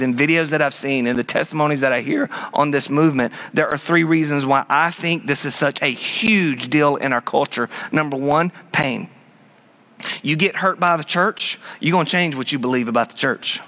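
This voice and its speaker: A middle-aged male pastor preaching a sermon in an animated way, dropping now and then to a low hush and putting on mocking high voices.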